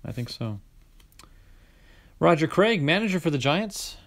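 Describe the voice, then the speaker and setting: A man hosting a casual card-opening video, reading out player names in a chatty way, with sudden bursts of excitement. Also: fairly high pitch, a little slow. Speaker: card-collecting channel host.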